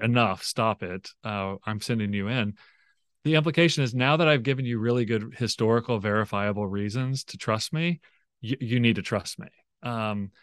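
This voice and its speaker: A man on a podcast talks with lively energy, putting on little voices for the people he quotes. His pitch sits in an ordinary middle range. The sound is close and dry, with no room. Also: no room sound. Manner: animated, acts out quoted voices, many fillers. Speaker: biblical scholar guest. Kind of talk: conversational podcast interview.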